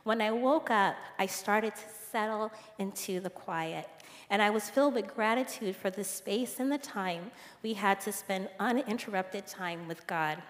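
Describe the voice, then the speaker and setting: A woman from the congregation reading out a calm, reflective personal testimony. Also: medium pitch, a little slow. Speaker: congregation member sharing testimony. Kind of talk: read testimony. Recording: reverberant church hall.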